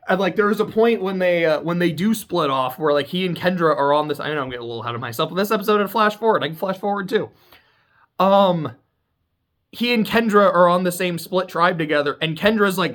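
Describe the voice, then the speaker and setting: A man's voice: sits high, lively intonation, fairly quick, fairly bright tone. A man chatting casually as he recaps a TV show, rambling and swearing freely.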